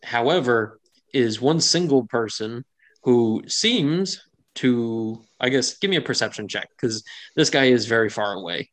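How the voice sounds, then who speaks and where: A man's voice: mid-range voice, lively intonation, measured pace. Chatty man running a tabletop game. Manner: chatty, laughs often, many fillers. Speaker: game master.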